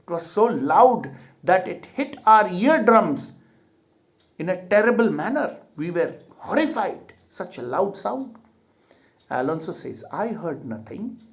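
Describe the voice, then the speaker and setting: A man's voice: high voice, big pitch swings, unhurried. A man teaching literature, reading each line of a play aloud with emphasis and then paraphrasing it plainly.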